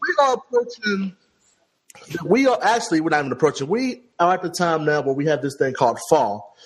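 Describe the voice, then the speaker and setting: A man's voice: on the high side, expressive, a little fast, husky, rough recording. A congested man ranting, profane and emphatic, as a co-host on a casual podcast. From Cincinnati, Ohio.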